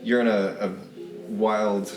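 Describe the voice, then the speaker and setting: A man's voice: lowish voice, flat delivery, slow pace, echoey room, far from the mic, noisy background. A man running a tabletop game as game master, describing scenes in a loose, chatty way with many fillers.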